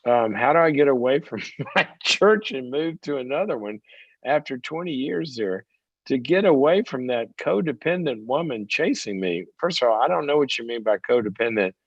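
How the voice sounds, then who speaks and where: A middle-aged man hosts a call-in advice show, telling stories with a lively, swinging pitch and acting out each quoted voice. His voice is slightly husky. The recording is dry and a little muffled. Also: moderate pace, dry recording. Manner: animated storytelling, acts out quoted voices. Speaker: talk show host and psychologist. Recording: dull dry close mic.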